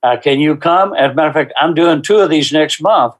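A man as a guest in an interview, earnestly describing the small-group workshops he leads, with unhurried, faith-driven conviction. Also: fairly high pitch. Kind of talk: interview answers.

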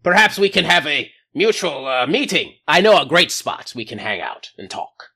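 A man's voice: a little high, very animated, moderate pace, sharp tone, husky, heavily acted. A man voicing a boastful male bird-like alien ship captain who stumbles over his grand words.

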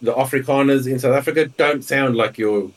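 A man's voice: mid-range voice, fairly quick. Rambling man on a podcast. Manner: rambling, repeats words while thinking. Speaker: podcast co-host. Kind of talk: casual chat.

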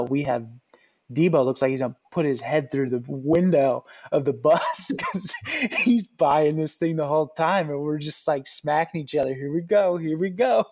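A man, a former pitcher, telling team stories in a loose, casual way and saying "dude" a lot. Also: darkish tone. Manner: laid-back, says "dude" a lot. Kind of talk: casual storytelling chat.

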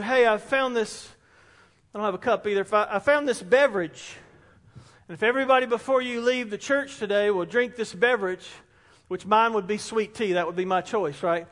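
Male pastor, very high voice, excitable and repetitive preaching, big church reverb. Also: normal speed. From South Carolina. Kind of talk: sermon. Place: church sanctuary. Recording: long reverb in a large hall.

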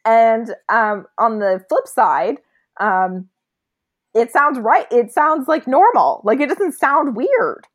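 A woman's voice: a little high, expressive, slow. A woman co-hosting a podcast, chatting casually about a movie with plenty of fillers and restarts. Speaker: podcast co-host.

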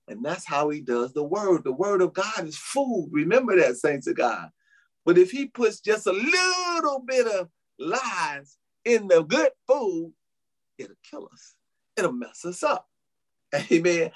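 A male pastor preaching a sermon, calling out to the congregation with frequent amens, hallelujahs and little laughs. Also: on the high side. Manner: preaching with frequent "amen" and laughs, addressing "saints".

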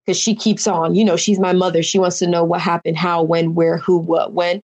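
A woman's voice: fairly low pitch, little pitch movement, fairly quick, few pauses, darkish tone. A young woman, a reality show contestant, rambling emotionally through her story in a casual interview.

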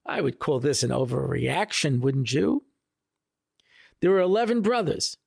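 Animated rabbi with a gravelly voice. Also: male voice, a little slow, pauses often, no echo, studio quality. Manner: animated, jokey, acts out quotes with big pitch jumps. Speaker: rabbi giving a weekly Torah talk. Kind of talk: casual storytelling sermon.

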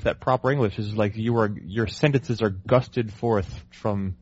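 A man's voice: on the low side, unhurried, a little mellow, husky, dry recording, dull audio. A man co-hosting a casual chat, articulate and musing at length about words. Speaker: podcast co-host.

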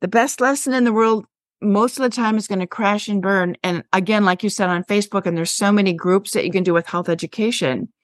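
A woman's voice: mid-range voice, brisk, dry recording, clean studio sound. A woman in her sixties, a veteran health teacher, speaking passionately as a podcast guest, telling classroom stories with emphasis. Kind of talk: podcast interview.

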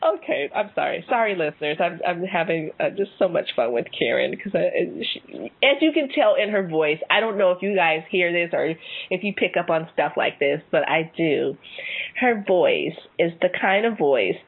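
An effusive woman hosting a podcast, gushing in casual interview chat. Her voice is a touch husky and breathy. The sound is thin and phone-like. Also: fairly low pitch, expressive, normal speed. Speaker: podcast host. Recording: phone-like audio.

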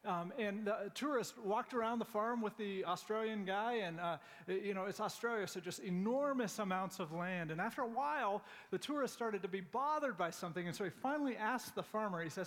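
A man's voice: sits high, brisk, hardly any pauses, fairly bright tone, in a large hall. A male pastor preaching a sermon in a conversational way, with fillers and restarts.

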